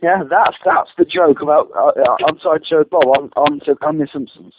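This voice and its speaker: A man's voice: fairly high pitch, moderate pace. A man in a casual argument, defensive and stammering with many restarts. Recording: tinny phone-like line, faint hiss.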